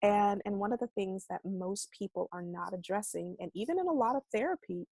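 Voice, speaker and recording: Animated woman coaching in a dry room. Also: mid-range voice, a little fast, husky, dry recording. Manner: animated and expressive, acting out quoted voices; casual speech with mild swearing. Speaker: self-love coach leading a class. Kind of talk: casual conversational teaching.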